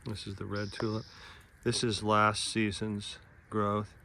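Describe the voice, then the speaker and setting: A man with a Californian accent giving a relaxed outdoor garden demonstration, explaining plainly with small asides. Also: lowish voice, unhurried, creaky, a little hiss or hum. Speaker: nursery gardener.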